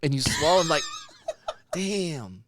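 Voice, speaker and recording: A man's voice: a little high, big pitch swings, slow, background noise. A man co-hosting a podcast in casual chat, teasing and joking. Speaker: podcast co-host.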